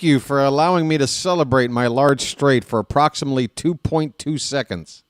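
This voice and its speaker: A man's voice: medium pitch, moderate pace, hardly any pauses, clean tone, no echo, studio quality, soft background music. A man hosting a live stream, chatting casually and trash-talking his opponent in a playful way.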